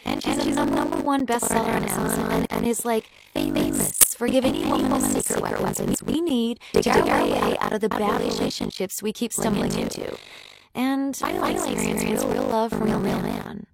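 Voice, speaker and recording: A woman's voice: on the high side, wildly swooping pitch, normal speed, creaky, over loud music, exaggerated voice. A woman voicing a frustrated married female friend who complains about her husband. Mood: pleading.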